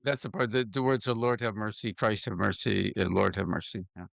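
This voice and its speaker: Gravelly male podcast host. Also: fairly low pitch, fairly even intonation, brisk, dry recording. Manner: short interjections and clarifying questions. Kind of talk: interview.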